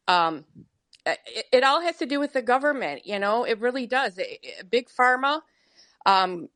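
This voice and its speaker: Woman in an online group talk, hesitant and full of fillers, slightly higher voice, dry sound. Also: very animated, normal speed, fairly bright tone, no room sound. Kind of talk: casual group discussion.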